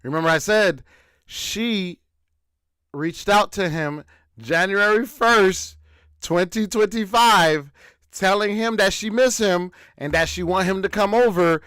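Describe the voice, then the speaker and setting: A man hosting a podcast, casually recounting events in relaxed chat. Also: sits high, takes it slowly, clean tone, no echo, studio quality. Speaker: podcast host.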